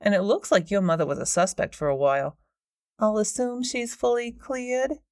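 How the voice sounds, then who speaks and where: A woman's voice: sits low, fast talker, a little mellow, dry recording, voice pushed down. A woman narrator voicing a smug, pushy female paranormal investigator with a smarmy, know-it-all manner, in a dry, close recording.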